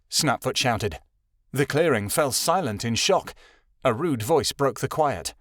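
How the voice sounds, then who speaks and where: A male narrator reading a fantasy novel aloud in a steady, even storytelling manner. His voice sits in a middling register. The recording is close and dry. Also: mid-range voice, normal speed, no room sound. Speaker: audiobook narrator. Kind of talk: scripted narration.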